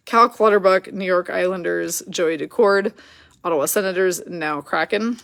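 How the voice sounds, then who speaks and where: A woman's voice: on the low side, moderate pace, creaky, slight background noise. A woman hosting a live card break, rattling off names and teams in a chatty way and laughing at her own slips.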